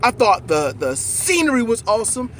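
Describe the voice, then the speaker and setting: A man in casual, animated conversation about a movie, riffing with profanity and acting out lines while riding in a car. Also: very high voice, normal speed, a little hiss or hum. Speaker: co-host.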